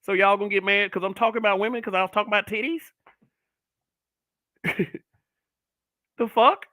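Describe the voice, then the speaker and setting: Sharp-toned and high, this middle-aged man's voice keeps a fairly even intonation at a moderate pace, with no room sound. Hosting his own online show, he delivers brutally honest solo commentary, ranting bluntly with heavy profanity and mocking put-on voices.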